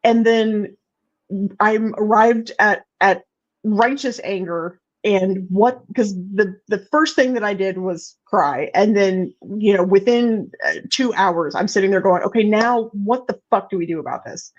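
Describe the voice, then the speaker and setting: A woman's voice: medium pitch, a little slow. A woman hosting a casual online chat talks candidly, swearing and restarting her sentences. Her voice comes through a somewhat dull, lo-fi recording. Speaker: host. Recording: dull lo-fi sound.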